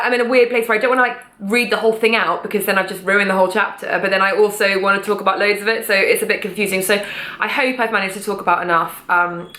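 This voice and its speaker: A woman's voice: mid-range voice, pushed and bright. A woman vlogger talking to camera about her book, chatty and passionate, swearing casually. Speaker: vlogger and author. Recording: echoey room.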